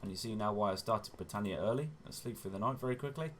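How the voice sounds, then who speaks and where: A man with a low-pitched voice talks through his gameplay in a chatty, relaxed way, explaining each step. He often corrects himself mid-sentence and keeps up an easygoing commentary. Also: fast talker, slight background noise. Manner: chatty, self-correcting, often says "wonderful". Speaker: gaming channel host.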